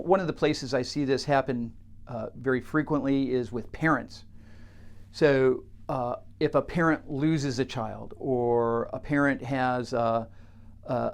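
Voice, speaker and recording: A man who works with clients, telling a teaching story straight to camera in a halting way, with many fillers and restarts. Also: medium pitch. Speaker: coach working with clients.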